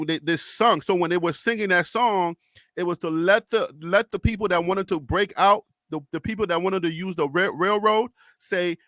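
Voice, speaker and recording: A man's voice: sits high, measured pace, fairly bright tone, dry recording, studio quality. A man hosting a livestream panel, talking emotionally and passionately, often repeating himself in a preacher-like cadence. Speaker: livestream host.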